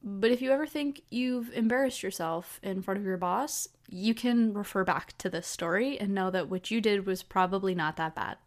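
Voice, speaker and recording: Chatting alone on her own podcast, a woman in her twenties tells stories casually, peppering them with fillers. She speaks in a mid-range voice at a moderate pace, barely pausing.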